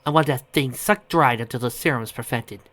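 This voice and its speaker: A man's voice: medium pitch, brisk, a bit bright, lightly acted. A man voicing a female military commander, firm with her troops and tender with a captive creature. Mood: commanding.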